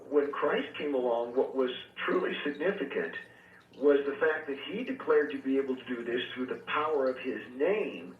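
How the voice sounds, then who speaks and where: A man speaks as a reverend and exorcist on a call-in radio show. He recounts his experiences earnestly and at a measured pace, filling gaps with hesitations. His voice comes through a thin, phone-like line that sounds distant and echoey. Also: mid-range voice, slight background noise. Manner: earnest, measured, storytelling with frequent fillers.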